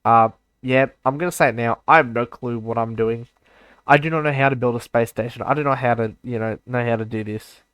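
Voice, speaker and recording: A man's voice: mid-range voice, fairly even intonation, fairly quick, fairly bright tone, smooth, no echo. A man giving live commentary over a space game, talking straight to his viewers, by turns muttering and exclaiming in exasperation. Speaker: gaming YouTuber.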